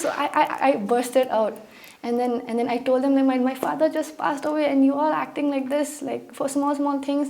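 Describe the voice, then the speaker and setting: Expressive young woman from Meghalaya, India. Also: high-pitched, normal speed, vocal fry. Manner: emotional, animated storytelling with acted-out quotes. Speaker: guest, pageant contestant. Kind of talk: conversational interview, personal storytelling.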